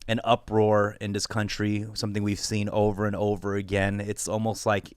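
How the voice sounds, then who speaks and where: Laid-back podcast host, smooth low voice. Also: male voice, monotone, normal speed, no echo. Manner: laid-back, loose and chatty, laughs often. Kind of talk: casual chat.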